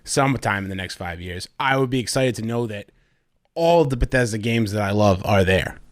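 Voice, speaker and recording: Male podcast guest, relaxed chatty delivery, dry close mic. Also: lowish voice, brisk, no room sound. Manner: easygoing, laughs often, casual phrasing. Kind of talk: casual gaming podcast chat.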